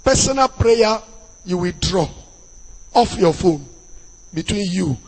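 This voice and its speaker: A man with a Nigerian accent preaching as a pastor, dropping into Pidgin asides and bursting into loud emphasis. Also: sits high, animated, takes it slowly, slightly rough. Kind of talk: sermon. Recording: long hall reverb.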